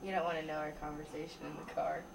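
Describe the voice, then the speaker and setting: A woman's voice: low voice, level tone, very fast, vocal fry. A young woman chatting with friends, giggling often, filmed on a friend's camera. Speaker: friend in a home video. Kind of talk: casual chat among friends. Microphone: camera held by a friend. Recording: distant home-video recording with noise.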